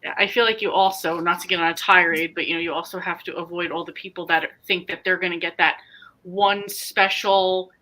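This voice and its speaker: Bright-voiced woman hosting a reading stream. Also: fairly low pitch, steady tone, fast, few pauses, a little hiss or hum, low-quality recording. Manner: wry, sarcastic storytelling. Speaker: host of an online reading sprint stream. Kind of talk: casual chat, reading out viewer comments.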